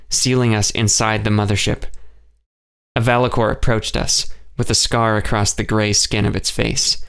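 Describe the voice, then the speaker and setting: A man giving steady, measured first-person audiobook narration. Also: on the low side, creaky, clear, resonant tone.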